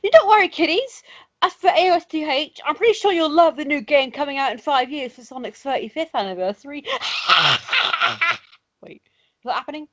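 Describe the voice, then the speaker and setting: A woman's voice: high-pitched, expressive, normal speed, bright, forceful tone, a little hiss or hum. A woman chatting casually and sarcastically, often laughing. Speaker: video co-host. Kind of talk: casual chat about cartoons and games. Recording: dull lo-fi microphone.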